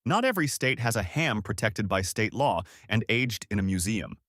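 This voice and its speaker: Measured male documentary narrator, dry sound. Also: lowish voice, animated, fairly bright tone, no room sound. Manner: measured, declarative, clipped short sentences.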